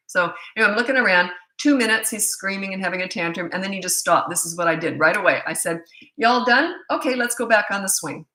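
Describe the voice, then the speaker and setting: Blunt, animated woman parenting coach. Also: lowish voice, echoey room, rough recording. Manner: blunt, animated, acts out quoted voices. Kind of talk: casual storytelling advice talk.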